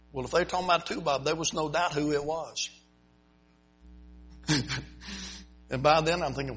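A man's voice: a little high, fairly even intonation, moderate pace, long pauses, fairly bright tone, breathy edge. A man, a missionary preacher, telling a folksy, humorous story in a sermon to his congregation. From United States. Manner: folksy, humorous, chuckles at his own stories. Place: church before a congregation.

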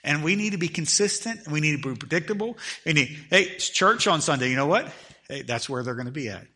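A man's voice: fairly high pitch, lively intonation, fast, pushed and bright, slightly rough. A middle-aged man preaching a sermon, with emphatic delivery that swells and drops in volume, often repeating words as he restarts. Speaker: pastor.

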